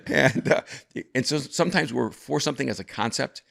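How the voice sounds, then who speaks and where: A man's voice: mid-range voice, brisk, creaky, few pauses, a bit bright. A man over fifty from El Salvador, a guest telling stories in a reflective way with frequent restarts. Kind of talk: conversational storytelling.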